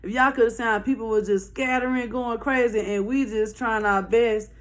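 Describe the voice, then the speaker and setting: Animated, laughing woman storyteller. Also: on the high side, moderate pace. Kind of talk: casual storytime vlog.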